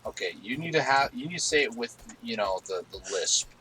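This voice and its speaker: A man's voice: medium pitch, fairly quick, crowd noise, low-quality recording. A man in his twenties chatting casually and teasing his co-host while streaming a game. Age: 20s. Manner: joking, teasing, animated banter.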